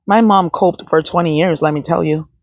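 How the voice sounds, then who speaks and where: A woman's voice: deep voice, flat delivery, moderate pace, no echo. A woman talking in a blunt, profane, rambling unscripted monologue as a vlogger. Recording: dull, dry, lo-fi sound.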